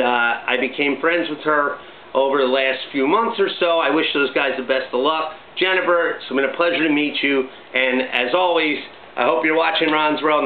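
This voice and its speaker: A middle-aged man hosting his own vlog, talking in a chatty, upbeat, jokey way full of shout-outs. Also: fairly high pitch. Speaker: vlog host. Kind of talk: casual home vlog monologue. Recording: echoey, tinny phone-like sound, faint hiss.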